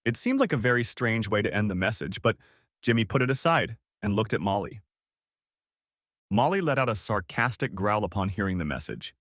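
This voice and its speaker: A man narrating a dramatic audiobook story in an expressive reading voice. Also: lowish voice, brisk, no echo, studio quality.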